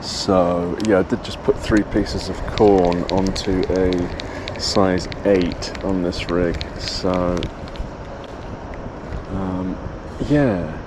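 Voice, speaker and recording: A man talking casually through his fishing, relaxed and thinking aloud at an outdoor riverbank. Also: low-pitched, extremely slow, background noise. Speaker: angler and channel host.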